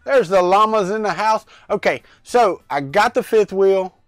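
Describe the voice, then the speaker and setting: A man's voice: sits high, animated, measured pace, a bit bright, no room sound, clean studio sound, soft background music. A middle-aged man hosting a casual livestream from his home workspace, rambling and greeting viewers in the chat by name, talking into a lavalier mic. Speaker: livestream host. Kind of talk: casual live-chat vlog.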